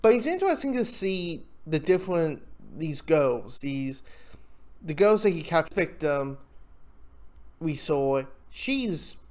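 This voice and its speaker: Excitable, swearing TV reviewer. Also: mid-range voice, takes it slowly. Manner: excitable, swears, quotes own reactions loudly. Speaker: TV episode reviewer. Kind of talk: casual spoken review.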